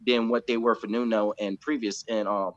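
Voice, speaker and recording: A man with an American accent, chatting casually as a pundit on a fan show, animated and laughing often. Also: on the low side, moderate pace, lo-fi sound. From United States. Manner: animated, laughs often, acts out quotes in a raised voice. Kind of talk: casual post-match chat.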